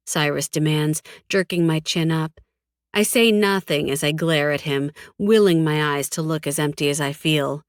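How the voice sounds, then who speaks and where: A woman narrating a first-person audiobook in a cold, flat, defiant tone, with frequent swearing. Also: low-pitched, moderate pace, no echo, clean studio sound.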